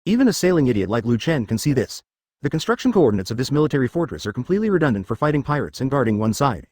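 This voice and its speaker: Fast synthetic male narrator. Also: medium pitch, no echo, clean studio sound. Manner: even, mechanical reading with odd misreadings.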